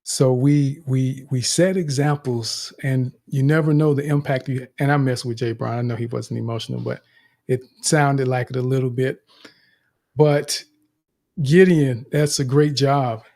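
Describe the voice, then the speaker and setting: A man's voice: mid-range voice, steady tone, normal speed, darkish tone. Guy running a speaking group online, upbeat and encouraging. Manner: upbeat, encouraging, gives numbered tips. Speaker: host and speaking coach. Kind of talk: group coaching session.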